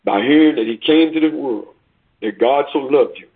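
A man's voice: mid-range voice, moderate pace, slightly rough. A male preacher telling a story in a sermon, emphatic and often repeating words. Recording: tinny phone-like recording.

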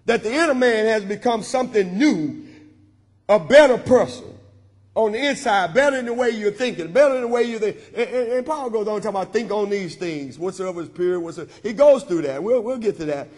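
A man's voice: high-pitched, lively intonation, a little fast, darkish tone. A man preaching a sermon as pastor, repeating lines in call-and-response style. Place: church sanctuary. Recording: long church hall reverb.

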